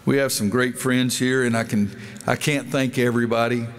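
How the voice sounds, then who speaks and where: A man's voice: medium pitch, flat delivery, normal speed, clean tone. A man in his sixties, a basketball coach speaking at a dedication event in a large indoor arena, telling folksy stories and acting out the dialogue in them. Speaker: basketball coach giving a speech.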